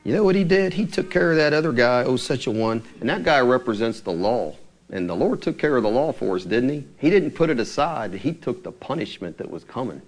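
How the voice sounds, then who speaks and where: A man with a mid-range voice preaches briskly, retelling scripture stories with animated delivery. He performs the lines spoken by the characters in them.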